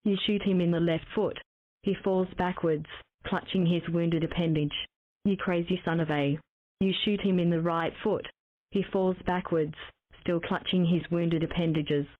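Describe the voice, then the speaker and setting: A synthetic woman's voice reading game text aloud in an even, mechanical way. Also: fairly low pitch, normal speed, dry recording. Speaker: text-to-speech game narrator. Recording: tinny phone-like dry sound.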